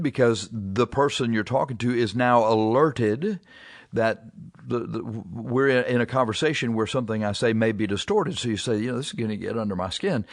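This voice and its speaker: A man preaching a sermon in a plain, conversational way, pausing and repeating himself as he works through his points. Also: fairly low pitch, no room sound, studio quality. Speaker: pastor.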